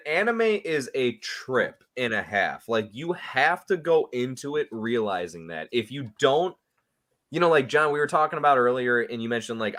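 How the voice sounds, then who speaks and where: Bright, lively man making a point. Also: mid-range voice. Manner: earnest, explains his points at length. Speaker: podcast panelist. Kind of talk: casual group chat.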